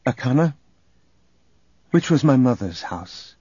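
A man voicing a calm, protective young male hero who speaks low and measured. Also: husky, no echo, exaggerated voice. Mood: gentle. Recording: dull audio under loud music.

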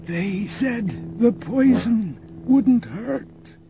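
A man voicing a dying, wounded enemy soldier who speaks in halting, broken phrases, tearful and delirious. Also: very high voice, animated, noisy background, pitched above the performer's own voice, heavily acted. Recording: dull audio under loud music.

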